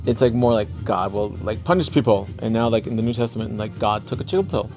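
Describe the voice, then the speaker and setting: A man's voice: lowish voice, fast talker. Chatty man talking with music behind. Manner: chatty, enthusiastic, heavy use of "like". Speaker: livestream co-host. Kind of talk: casual chat on a livestream. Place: Guam.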